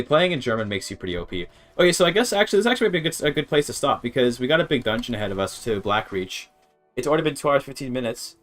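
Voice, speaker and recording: A man streaming gameplay in casual chatter, thinking aloud, sounding out words haltingly and swearing now and then. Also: mid-range voice, fairly bright tone.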